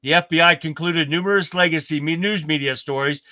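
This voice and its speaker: A man's voice: fairly high pitch, a little fast, sharp tone, no echo. A man hosting a live political commentary stream, reading headlines aloud and reacting bluntly with plenty of profanity. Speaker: livestream host.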